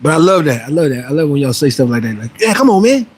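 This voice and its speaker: A man's voice: mid-range voice, fast, husky. A man hosting a casual fitness livestream, reading viewer messages aloud and answering them in an upbeat, motivational and playfully boastful way. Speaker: fitness streamer and trainer.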